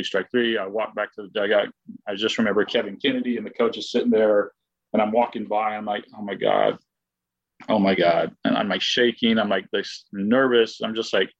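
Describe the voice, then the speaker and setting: A man's voice: lowish voice, no room sound, lo-fi sound. A man telling a long personal story in a rambling, casual way, full of fillers and restarts, often acting out what he said and thought at the time. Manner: rambling, filler-heavy, with frequent restarts and acted-out quotes. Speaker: guest, former baseball player.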